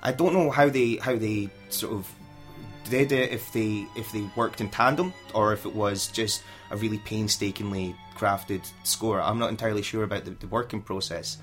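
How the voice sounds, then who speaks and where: Lowish male panelist, musing and thoughtful, faint music underneath. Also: moderate pace, fairly bright tone. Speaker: podcast panelist. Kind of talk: casual film discussion.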